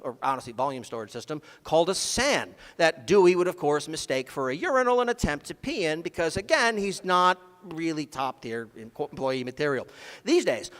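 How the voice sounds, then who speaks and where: Man, conference speaker, sarcastic humor, high bright-pitched voice, long hall reverb. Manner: sarcastic, dry jokes. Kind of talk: comedic technical talk.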